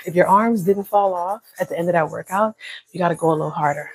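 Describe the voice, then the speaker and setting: This fast-talking woman, with a husky, fairly low voice, streams her workout class live from a phone in an indoor room upstairs. She counts out reps and cheers people on casually, and the recording quality is low.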